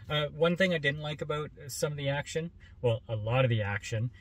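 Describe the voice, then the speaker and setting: A man co-hosting a movie review chat, speaking in a laid-back, halting way with many restarts. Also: on the high side, a bit bright.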